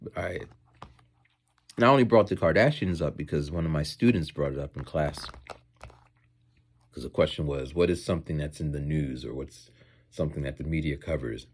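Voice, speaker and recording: A man's voice: rumbling low, normal speed, long pauses, breathy edge. A man who teaches in Japan, chatting casually in a rambling vlog while eating, going off on tangents and acting out voices.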